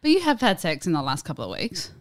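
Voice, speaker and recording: A woman's voice: low-pitched, wildly swooping pitch, dry recording, clean studio sound. Teasing young woman. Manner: teasing, quick-witted, laughing along. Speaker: podcast co-host. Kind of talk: casual chat.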